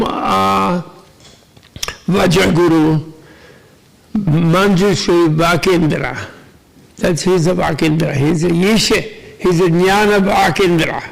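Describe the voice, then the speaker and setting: A man's voice: sits high, creaky, rough recording. An older man giving a casual, joking Buddhist teaching to a live audience, rambling with asides to the listeners.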